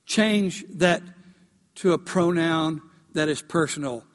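A male pastor preaching a sermon, emphatic and animated, rising to loud peaks as he tells a story. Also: on the high side, slow pace. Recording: long hall reverb.

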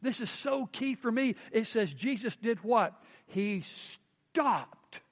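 High-voiced preacher in a reverberant hall. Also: male voice, takes it slowly. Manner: animated preacher asking the congregation questions. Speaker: pastor. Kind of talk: sermon.

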